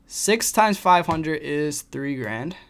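A man's voice: fairly high pitch, animated, fairly bright tone. A young man explaining trading risk in a casual screen-share lesson, tossing in "right?" and "you know" a lot. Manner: talks fast with frequent "right?" and "you know" fillers. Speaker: trading educator.

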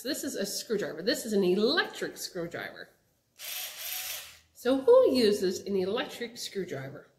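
A young woman teaching children job words, asking them to repeat each word in a slow, sing-song way. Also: a little high. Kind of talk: children's vocabulary lesson. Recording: echoey room.

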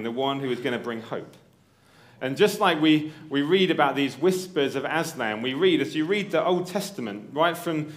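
A man preaches in a relaxed, conversational way. His voice sits at a middle pitch, and he often pauses to check that his listeners are following. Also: a little hiss or hum. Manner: conversational, checks in with "right?" and "okay?"; reads story passages aloud in character voices. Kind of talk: sermon.

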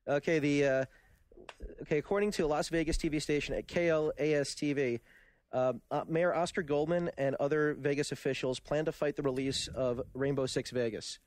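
A man's voice: fairly high pitch, fairly even intonation, normal speed, darkish tone, no echo. A man co-hosting a gaming podcast, reading news items with frequent laughs and stumbling repeats. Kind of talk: casual podcast chat.

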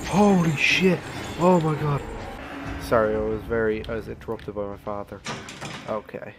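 A man doing let's play commentary on a horror game, excitable and swearing, yelping when startled. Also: fairly low pitch, normal speed. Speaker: gaming YouTuber. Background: game music.

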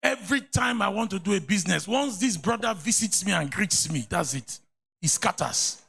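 Nigerian pastor guy preaching, rough gravelly voice, kinda husky, teasing his congregation. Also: high voice, normal speed. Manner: animated, mocking and preachy. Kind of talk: sermon. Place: church.

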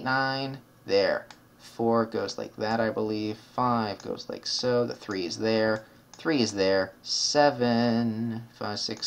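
A man's voice: mid-range voice, fairly bright tone. A man giving casual gameplay commentary, muttering numbers under his breath while solving puzzles and correcting himself as he thinks aloud. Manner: chatty asides, self-correcting. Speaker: gaming video creator.

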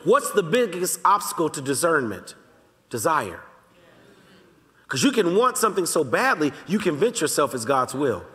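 A pastor teaching a Bible study in a relaxed, conversational way, talking straight to the congregation and slowly repeating his key lines. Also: a little high. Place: church sanctuary. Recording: long reverb of a large church hall.

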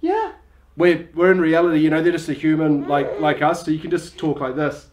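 A man's voice: fairly high pitch, flat delivery, a little fast, a little mellow, echoey room, a little hiss or hum. A man, a father talking in a joking home video with a dry, mock-instructional manner.

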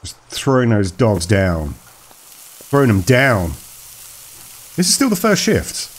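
A man's voice: mid-range voice, wildly swooping pitch, takes it slowly. A man chatting playfully as he plays a horror game, talking to its characters and joking along. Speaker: gaming video host. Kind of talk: let's play commentary.

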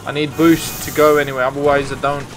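A young man giving casual, excitable gameplay commentary, swearing and trash-talking other players. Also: a little high, quick pace, slight background noise.

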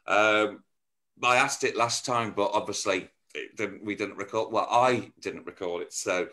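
A man's voice: fairly low pitch, unhurried, sharp tone. A man, hosting a chatty, casual interview and laughing easily.

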